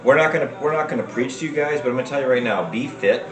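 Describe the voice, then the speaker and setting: A man's voice: medium pitch, very fast, reverberant, soft background music, low-quality recording. A man from New York co-hosting a casual chat, chiming in emphatically and teasing. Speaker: co-host.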